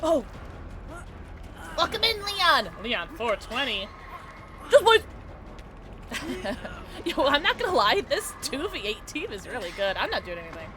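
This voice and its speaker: A woman livestreaming while gaming, chatting excitedly with her viewers in a loose, filler-heavy way. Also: a little high, normal speed. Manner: excitable, chatty, talks to chat, many fillers like "like". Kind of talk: casual gaming livestream chat. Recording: game music audible behind voice.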